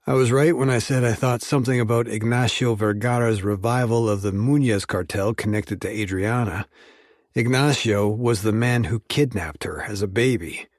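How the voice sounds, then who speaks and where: A man giving a measured, steady first-person audiobook narration. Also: on the low side, no room sound, clean studio sound.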